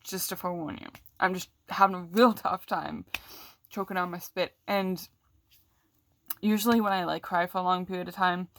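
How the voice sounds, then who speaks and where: A woman's voice: lowish voice, fairly even intonation, normal speed, fairly bright tone. A young woman venting on camera about a bad day, rambling and frustrated, with coughing fits. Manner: rambling, frustrated, self-deprecating, candid. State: coughing, throat catching. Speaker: vlogger. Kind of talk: casual talk to camera.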